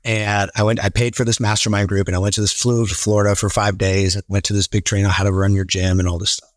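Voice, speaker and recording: A man in a casual podcast conversation, telling stories with animated quoted voices. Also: fairly low pitch, quick pace, no room sound, studio quality. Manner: animated storyteller, acts out quotes. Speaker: real estate team leader, podcast guest.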